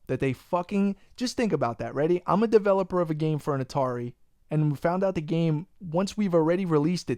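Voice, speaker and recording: A young man hosting a podcast, animated and profane, ranting in casual chat. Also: on the high side, no room sound, studio quality. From Long Island, New York. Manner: profane, animated ranting, says "bro" a lot. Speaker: podcast host.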